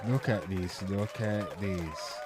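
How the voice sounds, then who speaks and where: This young man runs his channel in a loud, crude, repetitive style, pushing merch and shouting out to viewers. His voice sits low and moves slowly, with a noisy crowd behind him.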